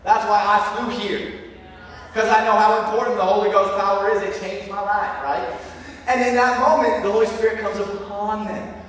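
A man preaching a sermon, telling stories with lively call-and-response to his congregation. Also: high-pitched, moderate pace. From Lancaster County, Pennsylvania. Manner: energetic, storytelling with call-and-response. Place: large hall with audience. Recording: echoey hall recorded from far off.

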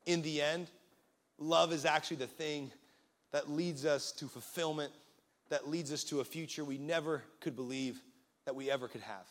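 Casual earnest male preacher, high voice. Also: moderate pace. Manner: casual, earnest, builds to shouting excitement. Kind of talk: sermon.

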